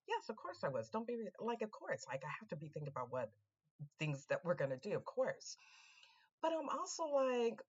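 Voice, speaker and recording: A woman vlogger telling a personal story to camera in a chatty, animated way, often repeating herself and speaking straight to her viewers. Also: fairly low pitch, a little fast, husky, muffled recording.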